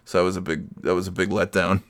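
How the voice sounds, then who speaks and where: A man's voice: deep voice, level tone, quick pace, a bit bright, dry recording. A man ranting casually, grumbling and swearing, with frequent restarts. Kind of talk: casual rant.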